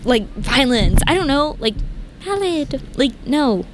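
A young woman talks in a casual chat, her fairly high voice leaping up in pitch as she rants. She fills her sentences with "like" and sounds fired up throughout. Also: a little slow, background noise. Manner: animated ranting, lots of "like", big pitch jumps. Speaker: podcast co-host.

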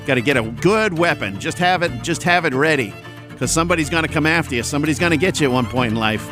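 Man, sarcastic, rambling comic monologue, fairly high voice, loud music behind. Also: animated, fast talker. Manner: sarcastic, rambling, mocks others in put-on voices. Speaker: comedic podcast host.

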